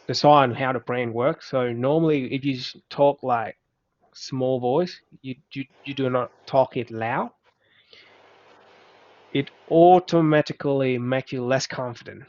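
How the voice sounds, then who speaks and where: A man whose first language is Vietnamese, giving casual, halting advice in English with many restarts. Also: mid-range voice, fairly even intonation, a little mellow. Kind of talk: casual conversation. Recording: muffled lo-fi recording.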